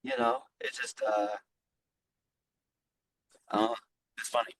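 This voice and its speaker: A middle-aged man who owns a flooring business, telling stories lively and casually in an interview, swearing freely. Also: on the low side, takes it slowly, creaky, rough recording. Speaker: guest, flooring business owner.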